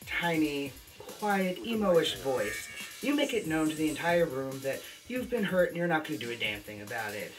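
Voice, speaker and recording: A man delivering a crude, emphatic ranting monologue as a vlogger. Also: fairly high pitch. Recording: distant mic with faint music.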